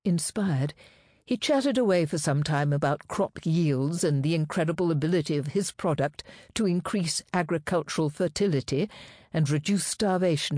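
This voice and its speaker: A woman narrating a novel in an even, measured reading voice. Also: low-pitched, no room sound, studio quality. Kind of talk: scripted audiobook narration.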